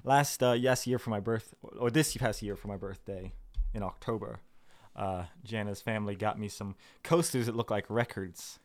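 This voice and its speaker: A man's voice: on the low side, steady tone, moderate pace. A man chatting casually on his vlog from his basement office at home, rambling with lots of fillers, restarts and laughs. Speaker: video creator.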